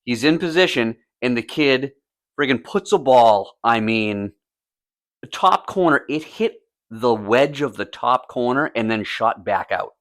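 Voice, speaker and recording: A man's voice: mid-range voice, expressive, measured pace, fairly bright tone, dry recording, studio quality. A man co-hosting a casual podcast, telling a story with lots of swearing and acted-out quotes, a youth soccer coach. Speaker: podcast co-host. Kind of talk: casual chat.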